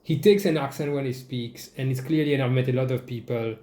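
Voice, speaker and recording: A young man from Mauritius, host of a comedy show, ranting in a casual, animated way and swearing freely. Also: fairly quick. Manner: animated, jumps into mocking high-pitched quoted voices, swears. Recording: echoey room.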